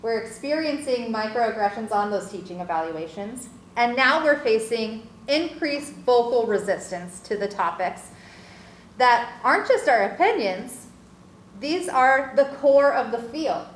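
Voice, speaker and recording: A woman's voice: a little high, animated, unhurried. A woman presenting research findings in an academic lecture, earnestly reading participants' quotes aloud. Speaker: guest speaker presenting research. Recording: echoey room with faint background noise.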